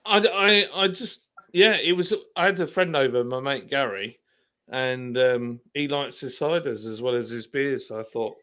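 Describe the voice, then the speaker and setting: A man talking in a casual chat among friends, his voice bright and forward. He halts and restarts his sentences as he goes. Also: medium pitch, normal speed. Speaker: live stream co-host.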